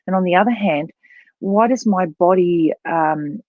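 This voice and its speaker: A woman's voice: on the low side, unhurried, no room sound, phone-quality sound. A woman who coaches voice and public speaking, explaining as an interview guest and showing voices as she talks. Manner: expressive, demonstrates voices while explaining.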